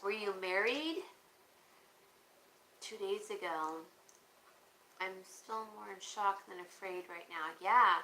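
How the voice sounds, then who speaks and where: A woman talks casually on a livestream, rambling along and answering viewer comments as they come in. Her voice is bright and carries in an echoey room, with a faint noise underneath. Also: mid-range voice, slow, long pauses. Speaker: livestream auction host.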